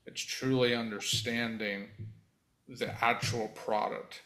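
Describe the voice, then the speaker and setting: A man's voice: medium pitch, level tone, pushed and bright, poor audio. Male host, casual and chatty, mid-range voice. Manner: conversational, loose with restarts and quick laughs. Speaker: podcast host. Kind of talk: casual interview chat.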